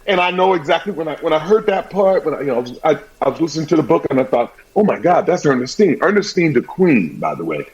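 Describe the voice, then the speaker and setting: Chatty Southern-raised host, dull sound. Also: male voice, fairly high pitch, fast talker, hardly any pauses. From American South. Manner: energetic, jokey storyteller. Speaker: sports show host. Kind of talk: casual talk show chat.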